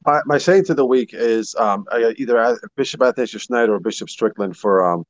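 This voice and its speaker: A man giving his views on a casual talk show, halting, with many fillers. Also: medium pitch, no echo. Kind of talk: casual chat. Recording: dull lo-fi audio.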